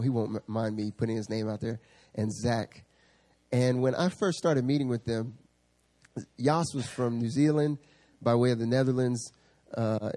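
A male pastor preaching a sermon, telling a story with animated quoted voices. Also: mid-range voice. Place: church service.

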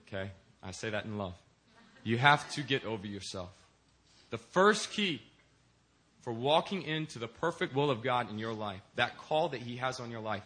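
A man's voice: mid-range voice, sharp tone. A young man, a deacon, preaching a sermon in a church and telling stories with acted-out voices. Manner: storytelling, acts out quoted voices. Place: church in Korea.

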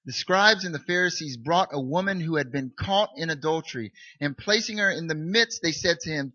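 A man's voice: a little high, brisk, few pauses, bright, forceful tone, no echo. A male pastor preaching a sermon in a candid, self-mocking, conversational way, heard in a dull, dry recording.

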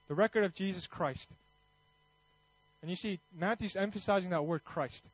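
A man's voice: sits high, normal speed, breathy edge, dry recording, rough recording. A man preaching a Christmas sermon in a conversational way, then leading a fervent prayer. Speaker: pastor.

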